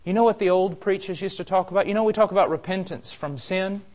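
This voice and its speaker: High-voiced impassioned male preacher. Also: fast. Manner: impassioned, swings from loud urgency to quiet intensity. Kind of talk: sermon.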